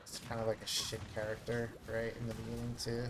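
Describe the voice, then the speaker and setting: A man's voice: lowish voice, monotone, fairly quick, noisy background. A man chatting casually while live-streaming a video game, rambling with lots of fillers and joking at his own expense. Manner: rambling, filler-heavy and self-mocking.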